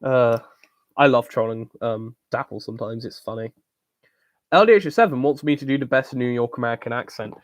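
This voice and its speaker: A man's voice: mid-range voice, a little fast, no room sound. Joking young man hosting a live Q&A. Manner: rambling, many ums, blunt and joking with swearing. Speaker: channel host answering viewer questions. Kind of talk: casual live-stream Q&A.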